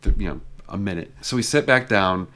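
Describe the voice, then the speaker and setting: A man's voice: deep voice, brisk, fairly bright tone. Chatty man retelling a story. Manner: chatty, retells exchanges with lots of "like" fillers. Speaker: car vlogger. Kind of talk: casual storytelling.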